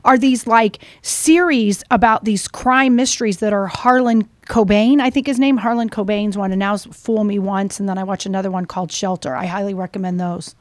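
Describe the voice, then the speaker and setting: A woman co-hosting a podcast in casual chat, chatty and quick to laugh. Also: mid-range voice, steady tone, no echo. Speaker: podcast co-host.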